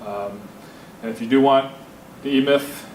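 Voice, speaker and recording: A man's voice: mid-range voice, unhurried, a little mellow. Businessman guest lecturer, forties, candid storyteller, roomy hall with faint hiss. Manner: candid, anecdotal, openly emotional. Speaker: guest speaker. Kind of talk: lecture to students. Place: university lecture room.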